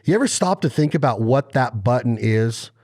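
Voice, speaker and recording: A man hosting a podcast interview, telling stories in an animated, impassioned way. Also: medium pitch, moderate pace. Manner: animated storyteller, impassioned and emphatic. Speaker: podcast host.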